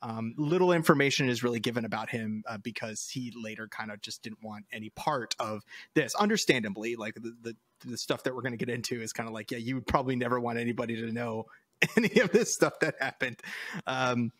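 A man's voice: medium pitch, fairly quick, fairly bright tone, no echo. A male podcast host casually recounting a paranormal case, rambling with many fillers.

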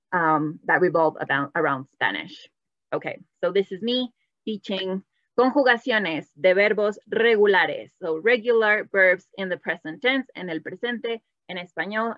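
A woman's voice: medium pitch, no echo. A woman teaching a live online Spanish class, switching between English and Spanish and quizzing the chat. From Latin America. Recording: dull, slightly lo-fi dry sound.

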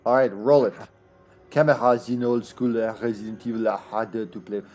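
A male streamer with as his chats loosely through a live game session, cracking jokes and laughing between lines. His pitch sits mid-range for a man, and faint music plays under his voice. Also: fairly even intonation, fast, a little mellow. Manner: joking, laughs often, reads chat aloud. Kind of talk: casual live gameplay chat.

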